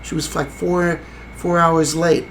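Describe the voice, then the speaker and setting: A man's voice: a little high, flat delivery, slow, a bit bright, slight background noise, poor audio. A man co-hosting a podcast, telling a film's ending in a rambling way with lots of fillers. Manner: rambling, hesitant storytelling with many fillers. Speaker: podcast co-host. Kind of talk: casual film discussion.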